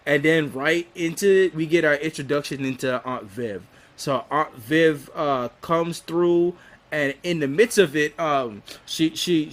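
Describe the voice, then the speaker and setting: Male podcaster, tenor-leaning, loose slangy recap delivery with frequent laughter. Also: a little high. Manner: animated, slangy, laughs often, frequent restarts. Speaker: podcast co-host. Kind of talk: casual recap of a TV episode.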